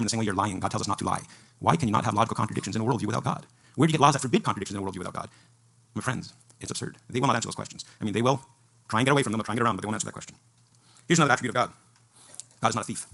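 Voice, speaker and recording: A man giving a fervent debate speech to an audience at a live event, preaching in rapid-fire bursts. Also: mid-range voice, creaky, bright, forceful tone.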